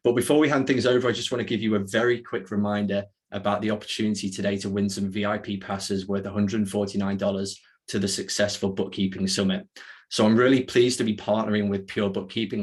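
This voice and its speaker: A male webinar host with a low voice that stays flat in pitch. He reads upbeat housekeeping notes and introduces the guest over a video call. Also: quick pace, husky. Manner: upbeat, housekeeping announcements with frequent "uh" fillers.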